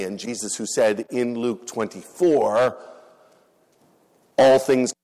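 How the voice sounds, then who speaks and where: A man's voice: mid-range voice, slow pace, long pauses, mellow. A man preaching a sermon as a pastor, telling stories with earnest emphasis and repetition. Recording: reverberant hall.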